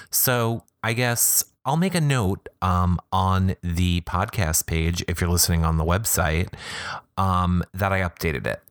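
A woman with a notably low voice hosts a casual podcast, chatting and cracking jokes between read-out passages. Her pitch swings all over the place as she interrupts herself. The sound is close and dry, with no room around it. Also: no echo. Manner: chatty, joking asides, self-interrupting. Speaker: podcast host. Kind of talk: casual podcast chat, reading blogs aloud.

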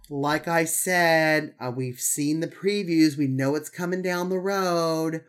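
A man's voice: on the high side, slow, hardly any pauses, smooth. Campy guy doing a funny audio blog, playful asides, chatty. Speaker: podcast host. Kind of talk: comedic audio blog reading.

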